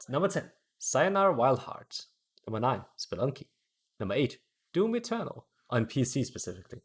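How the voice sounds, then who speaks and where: A man's voice: mid-range voice, moderate pace, husky. A man hosting a casual podcast, chatting loosely with fillers and frequent laughter. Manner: laughing, lively, rambling with fillers. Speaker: podcast host.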